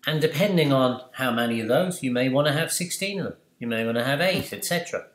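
A man presenting a screen-recorded software tutorial, chatty and explanatory, asking and answering his own questions. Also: medium pitch, animated, fast. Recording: roomy echo.

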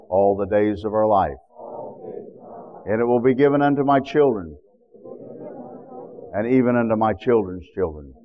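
A man preaching a sermon, leading a congregation in a repeat-after-me covenant prayer in a measured, solemn cadence. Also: lowish voice, dull audio. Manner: leads repeat-after-me prayer, then shouts praise and speaks in tongues.

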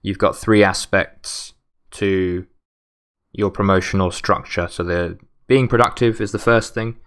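A man's voice: sits low, fairly even intonation, a little slow, a bit bright. A man hosting a solo podcast, giving advice in an earnest, motivational way while sounding tired and losing his voice. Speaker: podcast host.

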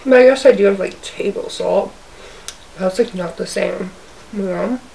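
A woman's voice: mid-range voice, moderate pace, vocal fry, a little mellow. A woman chatting casually while eating on camera in her apartment, talking in a loose, rambling way full of "like". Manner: chatty, fills speech with "like". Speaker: mukbang vlogger. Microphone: camera's own mic, zoomed out. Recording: distant camera mic, faint hiss.

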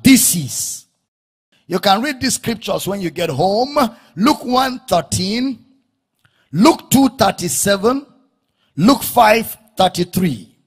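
A man preaching a sermon, breaking into shouts and sing-song rises and drawing out key words. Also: high voice, lively intonation, slow, breathy edge. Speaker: pastor.

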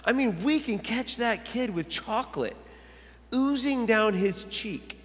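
A man in his thirties preaching a sermon, telling stories with lively laughs and stumbling restarts. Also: very high voice, unhurried, big-room sound. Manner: animated storytelling with laughs and self-corrections. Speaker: pastor. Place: church sanctuary.

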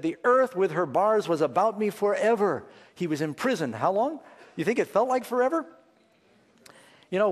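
A middle-aged man preaching a sermon, animated, asking rhetorical questions and leaping up in pitch for emphasis. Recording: long hall reverb.

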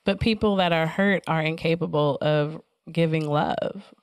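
A woman co-hosts a casual podcast in a calm, measured, reflective manner. Her voice is smooth and clear, and the sound is dry and close, with little room echo. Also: deep voice. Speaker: podcast co-host.

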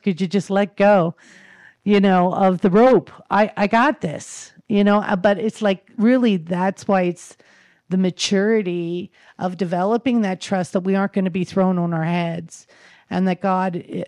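A woman speaks devotionally at a spiritual gathering, her voice sitting at an ordinary middle pitch. She gropes earnestly for words, restarting often and filling pauses, in a gentle, heartfelt way. The sound is dry and close. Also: dry recording. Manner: earnest, searching, many fillers and restarts.

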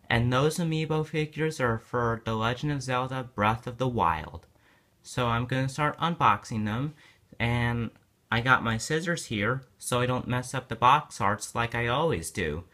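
A man's voice: medium pitch, a bit bright. A man casually narrating a toy unboxing, rambling and repeating himself as he goes.

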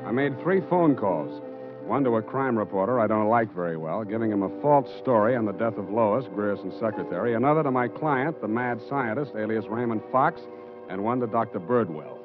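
An actor playing a wisecracking, hard-boiled private eye who narrates in a dry, clipped way, 1940s radio drama. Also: male voice, lowish voice, expressive, a little fast, natural voice. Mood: narrating. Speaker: narrator and lead. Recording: dull old radio broadcast with music.

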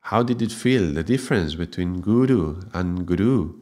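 A man teaching Kundalini Yoga in a gentle spiritual talk, often checking in with "yeah?". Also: low-pitched, lively intonation, normal speed.

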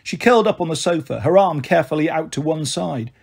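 A man narrating a children's novel in a steady, gentle read-aloud style. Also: on the high side, fast, creaky, breathy edge. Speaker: storyteller.

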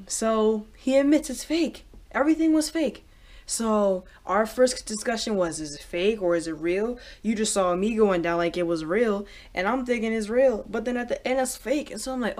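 A woman vlogging casually, rambling with many fillers and getting excitable. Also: fairly high pitch, normal speed. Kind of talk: casual reaction vlog.

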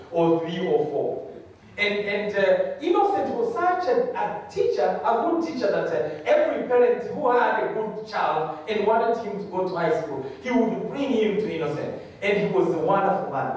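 A man's voice: high-pitched, darkish tone, slight background noise. A man giving an earnest testimony sermon, moving from storytelling into fervent call-and-response preaching. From Rwanda. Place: church hall. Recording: echoey church hall, voice from far off.

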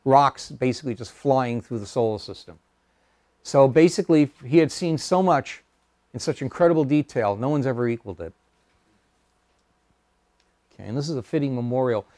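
A man's voice: medium pitch, lively intonation, moderate pace, long pauses, darkish tone, dry recording, studio quality. A man giving an informal lecture to an astronomy club, hesitant with many fillers, mixing facts with wry asides. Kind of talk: public lecture with slides. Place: meeting room.

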